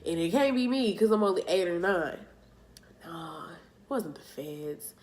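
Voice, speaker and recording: Young woman vlogger, slow and low, retelling a scary memory in casual slang. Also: animated, darkish tone. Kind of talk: storytime vlog.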